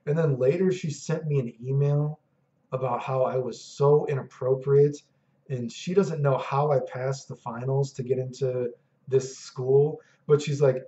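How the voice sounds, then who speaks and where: A man in his thirties talks loosely into the camera, wandering from story to story and peppering everything with "dude" and swearing. His voice is dark and mellow, and the recording is muffled, with a roomy echo. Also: mid-range voice, fairly even intonation, moderate pace. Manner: casual, profane, keeps saying "dude" and "you know what I mean". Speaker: vlogger. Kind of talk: rambling personal storytelling.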